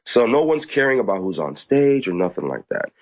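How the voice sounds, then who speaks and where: A fairly low-voiced man with a husky, rough edge tells his story eagerly, jumping into shrill mocking impressions of others. The audio is dull and muffled, like a lo-fi remote feed. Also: brisk. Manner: animated, mocks others in high squeaky voices. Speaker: activist guest. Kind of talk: casual storytelling interview.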